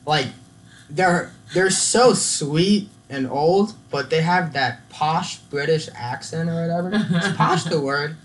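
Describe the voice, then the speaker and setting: A young man joking and laughing in a relaxed casual chat with a co-host. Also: fairly high pitch, slow, poor audio.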